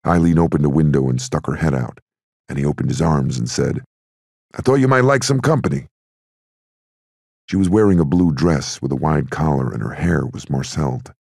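Male audiobook narrator, steady and measured, extremely low, dark voice with husk, dry close recording. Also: vocal fry, slightly rough, no echo.

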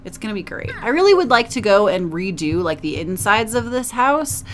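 A woman's voice: mid-range voice, big pitch swings, moderate pace. A woman casually narrating a life-simulation game, chatty and emotive, cooing at her characters. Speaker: gaming video host. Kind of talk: casual let's play commentary.

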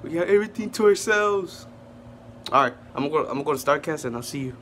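A young man hosting a casual travel vlog, talking excitedly and joking loudly to the camera. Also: fairly high pitch, fast. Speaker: vlogger. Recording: music playing loudly behind.

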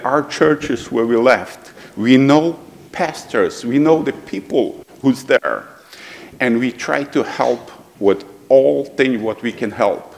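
A middle-aged man from Ukraine with a Ukrainian accent, speaking earnestly in halting English as a guest speaker in a church. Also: mid-range voice, in a large hall. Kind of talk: heartfelt church talk. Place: church sanctuary.

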